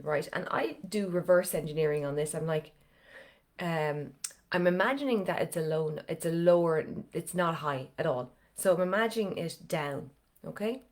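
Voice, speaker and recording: A woman coaching singers in a live online lesson, talking in a somewhat low voice that sounds a little strained. She guides the class step by step and keeps the tone chatty and encouraging. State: slightly strained voice. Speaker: vocal coach.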